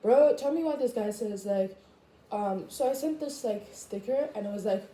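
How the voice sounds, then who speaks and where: Animated chatty young woman ranting. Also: normal speed. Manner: chatty, full of "like" and "I was just like"; animated, jumping high when quoting herself. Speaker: vlogger. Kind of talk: casual rant to camera. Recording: echoey room, faint background noise.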